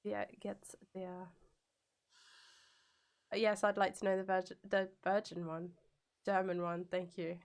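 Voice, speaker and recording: A woman's voice: mid-range voice, level tone, a little slow, long pauses. Playful woman streaming a game. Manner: playful and giggly, sings jingles in silly voices. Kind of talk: casual gameplay commentary chatting with viewers.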